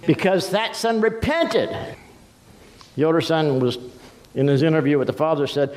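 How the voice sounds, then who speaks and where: Pastor preaching in a reverberant church. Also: male voice, animated, normal speed, long pauses, darkish tone. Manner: storytelling, acts out voices with swings in pitch and pace. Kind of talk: sermon. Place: church sanctuary. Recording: long church hall reverb.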